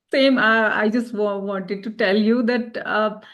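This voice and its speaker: A woman's voice: medium pitch, steady tone, takes it slowly, a bit bright. A woman hosts a casual interview, encouraging her guest as they talk. She laughs easily, and her voice sits in a medium range. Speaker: interview host.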